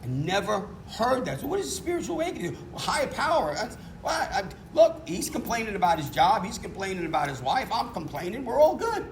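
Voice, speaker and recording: A man's voice: high voice, huge pitch swings, a little fast, hardly any pauses, a little hiss or hum. A middle-aged man giving candid, self-mocking recovery testimony as a meeting speaker. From New York. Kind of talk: personal testimony talk.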